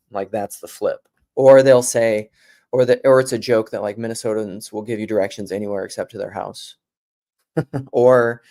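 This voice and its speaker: A man's voice: on the low side, dark tone. A man from South Dakota talking casually, wandering between ideas with many restarts and self-corrections. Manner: digressive, thinks aloud with many restarts. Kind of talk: casual rambling talk.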